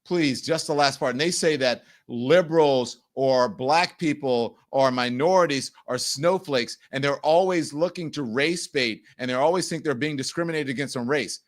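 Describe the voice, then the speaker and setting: On a political commentary livestream, a male show host speaks in a medium-pitched voice at a moderate pace with few pauses. He's blunt and indignant, and he swears freely.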